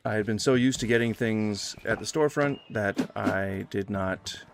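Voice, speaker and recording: A man's voice: lowish voice, normal speed, creaky, slight background noise. A man giving casual gameplay commentary in a rambling manner, swearing freely and yelping suddenly. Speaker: gaming YouTuber.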